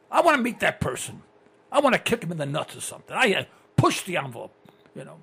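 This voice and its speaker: An older man hosting a talk radio show, ranting in a blunt, excitable monologue. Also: on the high side, fast talker, creaky, husky. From United States.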